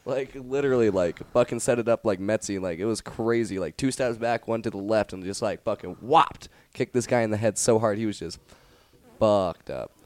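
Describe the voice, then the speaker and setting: A man's voice: on the low side, brisk, no room sound. Profane young man telling wild stories. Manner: profane, animated storytelling with acted quotes. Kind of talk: casual storytelling chat.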